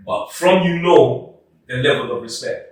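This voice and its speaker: A man talks in an animated, laughing way, his slightly high voice picked up from far off in a very echoey room. He chats casually as a podcast co-host and drops into street slang. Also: unhurried. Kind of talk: casual chat.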